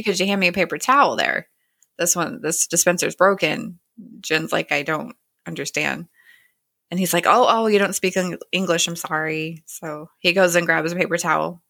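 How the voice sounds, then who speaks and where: A woman's voice: on the low side, creaky, sharp tone, dry recording, clean studio sound. Woman casually recapping a TV episode. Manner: retells scenes in quick paraphrase, lightly voicing characters. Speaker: podcast host recapping a TV episode.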